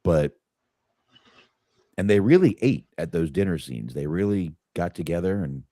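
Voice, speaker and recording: Male co-host, deep voice, very expressive pitch, dry close sound, profane and rambling. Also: moderate pace, no room sound. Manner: animated, swears often, frequent restarts. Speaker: podcast co-host. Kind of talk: casual movie review chat.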